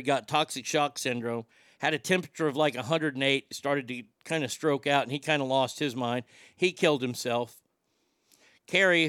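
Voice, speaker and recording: A man's voice: medium pitch, fairly bright tone, no room sound, studio quality. A man hosting a podcast in a casual, rambling style, emotional and swearing freely. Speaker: podcast host. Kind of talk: casual chat.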